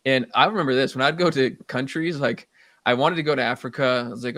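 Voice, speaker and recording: A man's voice: mid-range voice, fast, bright, forceful tone, dry recording, studio quality. A man co-hosting a casual podcast chat, easygoing and rambling, laughing at himself. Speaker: podcast co-host.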